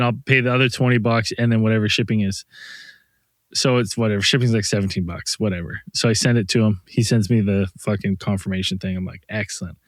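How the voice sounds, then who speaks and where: A man co-hosting a podcast, telling a story in casual chat, animated and swearing constantly as he rants. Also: mid-range voice, no echo. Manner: profane, animated storyteller, ranting. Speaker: podcast co-host.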